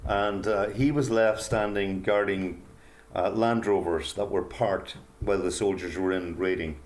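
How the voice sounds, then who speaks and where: An older man, a guest author, telling a personal story in an earnest, halting way with many pauses and fillers. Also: deep voice, fairly even intonation. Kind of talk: reflective storytelling interview.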